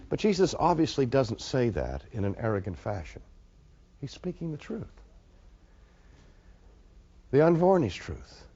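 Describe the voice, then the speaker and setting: A man's voice: mid-range voice, big pitch swings, unhurried, creaky, long pauses, mellow, breathy edge. A male preacher delivering an emphatic sermon, with rhetorical questions to the audience, in a dull lo-fi recording.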